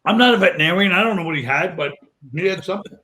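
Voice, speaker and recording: Deadpan storytelling man, high voice. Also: rapid-fire. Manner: deadpan, dark storytelling with acted quotes. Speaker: comedian guest. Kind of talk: casual storytelling.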